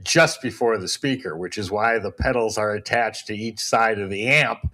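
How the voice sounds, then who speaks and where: A man on a paranormal panel calmly explaining how a device handles white noise. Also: lowish voice, moderate pace. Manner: technical, matter-of-fact explainer. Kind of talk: casual panel chat.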